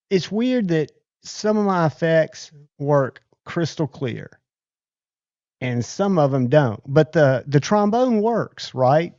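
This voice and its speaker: Slow, chatty livestream host man. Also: on the high side, a little mellow, no echo, lo-fi sound. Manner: chatty, thanks viewers by name. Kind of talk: casual livestream chat.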